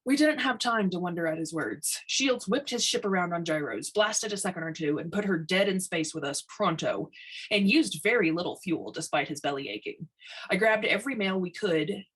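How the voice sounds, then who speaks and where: A woman reading a science fiction short story aloud, expressive storytelling. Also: on the low side, normal speed, slightly rough, rough recording. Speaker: story reader.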